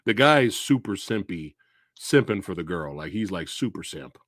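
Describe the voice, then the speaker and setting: A male podcast host talking casually about films. His pitch moves a lot in an animated way, and he vents frustration with blunt profanity. The sound is dry and close, with no room echo. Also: normal speed. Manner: animated, exasperated ranting with profanity. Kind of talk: casual movie chat.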